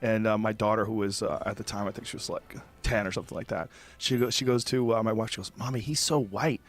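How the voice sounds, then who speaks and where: A middle-aged American man hosting a podcast, chatting in a relaxed and jokey way and laughing at his own stories. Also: on the low side, fast talker. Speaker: podcast host. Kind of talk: casual podcast conversation.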